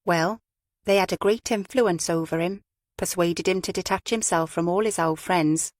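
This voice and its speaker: An earnest young woman witness with a slight Australian twang, speaking low and hesitantly as she picks her words, as a woman narrator gives her voice. She sounds a little anxious under her politeness. The sound is close and dry. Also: normal speed, dry recording, lightly acted.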